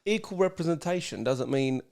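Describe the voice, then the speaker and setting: A man's voice: a little high, lively intonation, moderate pace, gravelly, a little mellow. A young man co-hosting a podcast, telling rambling, sweary stories in casual banter and laughing often. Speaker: podcast co-host.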